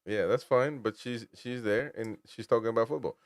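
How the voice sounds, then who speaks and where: A man hosts a relaxed football chat, rambling and restarting his sentences. His voice is smooth and clear at a middle pitch, recorded close and dry. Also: moderate pace, dry recording. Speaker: host. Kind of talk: casual football talk.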